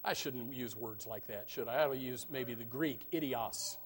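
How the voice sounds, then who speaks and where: A male pastor preaching with passion, swinging from low murmurs to near shouts. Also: moderate pace. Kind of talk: sermon.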